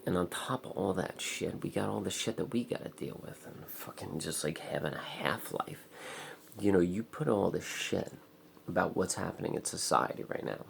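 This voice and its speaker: A man's voice: deep voice, moderate pace, vocal fry, a little hiss or hum. A young man in a raw personal vlog, rambling and swearing in frustration. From America. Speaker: vlogger.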